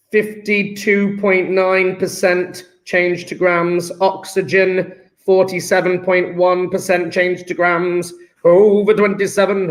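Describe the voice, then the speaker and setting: A man teaching a live online chemistry lesson, working through sums aloud in a chatty, joking way. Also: high voice.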